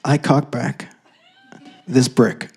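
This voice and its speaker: A man in his thirties from Canada performing a stand-up comedy set on stage into a handheld mic, telling stories in an animated way. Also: medium pitch, drawn-out words, creaky, breathy edge. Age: 30s. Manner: animated storytelling, jumps into loud acted-out voices.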